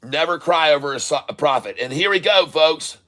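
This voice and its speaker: A man hosting a live day-trading stream, calling out prices and coaching viewers in an excitable, repetitive way. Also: on the high side, a little fast. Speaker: day-trading livestream host.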